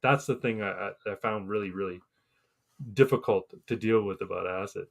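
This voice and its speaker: A man's voice: fairly low pitch, a little fast, gravelly. A man in his thirties telling a rambling, profane story on a casual podcast and acting out the voices of the people in it. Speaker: podcast co-host.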